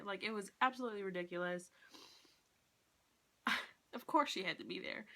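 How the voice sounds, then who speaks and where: A woman giving a casual vlog book review, retelling the plot in an animated way and acting out quotes with lots of "like". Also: medium pitch, normal speed, long pauses.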